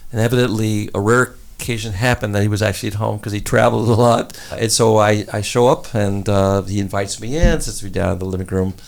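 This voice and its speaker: A man's voice: fairly low pitch, fairly even intonation, a little fast, vocal fry, few pauses. An older man, a podcast guest, telling a long personal story in a rambling way, repeating words and acting out what others said. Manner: rambling, repeats words, acts out quoted voices. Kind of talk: storytelling in a conversation.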